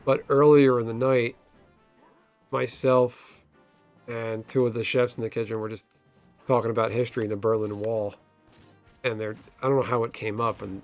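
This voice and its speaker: A man's voice: mid-range voice, fairly even intonation, normal speed, a little mellow, soft background music. A man streaming a video game, chatting casually and telling a long story, swearing when the game crashes. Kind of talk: casual chat while gaming.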